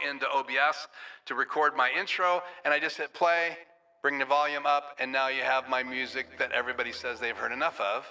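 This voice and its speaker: A man's voice: on the high side, pushed and bright. A man hosting a casual live stream, walking through his studio audio gear in an explanatory way with frequent fillers. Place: home studio.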